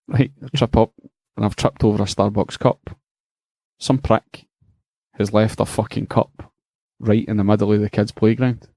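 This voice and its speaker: A middle-aged Scottish man co-hosting a podcast, telling a funny story in an animated, profane way and laughing as he goes. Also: lowish voice, unhurried, gravelly, dry recording, clean studio sound. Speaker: podcast co-host. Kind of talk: casual storytelling chat.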